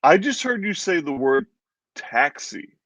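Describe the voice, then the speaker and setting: A man from Memphis joining a casual live-stream chat as a guest reviewer, speaking in a playful, halting way. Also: mid-range voice, lively intonation, fairly bright tone, dry recording. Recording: dull dry lo-fi sound.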